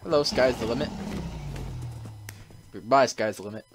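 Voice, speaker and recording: A man hosting a gaming channel, giving excitable play-by-play commentary and yelping when he is in danger. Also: medium pitch, moderate pace. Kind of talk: gameplay commentary. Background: game music.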